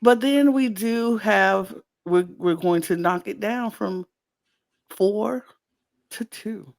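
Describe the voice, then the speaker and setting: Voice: medium pitch, takes it slowly, vocal fry. A podcast co-host chatting casually and animatedly, often laughing and acting out quotes. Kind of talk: casual chat.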